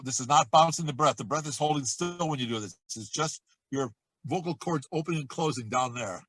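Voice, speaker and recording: A middle-aged man coaching a vocal warm-up lesson, talking in a relaxed, chatty way between loud sung demonstrations. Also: a little high, a little fast, no room sound, rough recording. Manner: demonstrates exercises with loud sung shouts and quacks.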